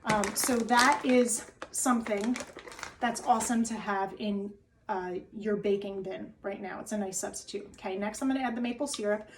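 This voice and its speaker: Cooking at home and talking to camera, the wellness host from New Jersey keeps her chatty demo going with repeated "okay?" check-ins, her New Jersey accent clear. Her pitch is medium and pace moderate, recorded from afar with background noise.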